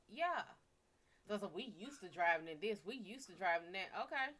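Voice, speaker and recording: A woman's voice: mid-range voice, brisk, bright, forceful tone. A woman from the American South, chatting casually and profanely with viewers on a live stream. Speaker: live stream psychic reader.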